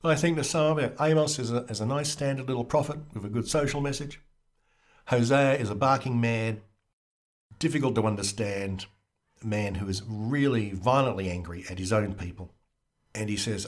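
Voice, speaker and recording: A man's voice: mid-range voice, normal speed. A man, a podcast guest, explaining things in a casual conversational way, wry and lightly humorous, with occasional restarts.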